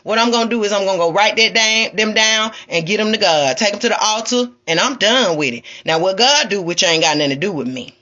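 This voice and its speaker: A woman's voice: mid-range voice, fast, hardly any pauses, sharp tone, lo-fi sound. A woman giving a sassy, preachy, scolding spiritual rant to her viewers on a livestream. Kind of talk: ranting livestream monologue.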